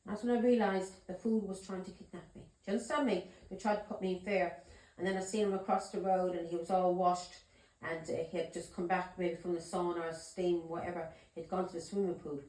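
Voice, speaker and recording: A woman's voice: fairly low pitch, flat delivery, brisk, a little mellow. Emphatic storytelling woman in echoey room. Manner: emphatic, swears, keeps asking "yeah?" and "do you understand me?". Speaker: tarot reader. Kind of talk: casual storytelling to camera.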